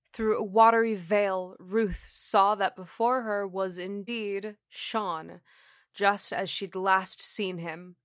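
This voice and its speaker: A woman narrating a scripted horror story in a measured, deliberate reading. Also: mid-range voice, fairly even intonation, dry recording, studio quality.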